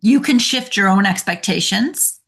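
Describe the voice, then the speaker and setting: A woman coach, a guest on a podcast interview, telling stories in an animated way and laughing often. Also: medium pitch, normal speed, gravelly, slightly rough.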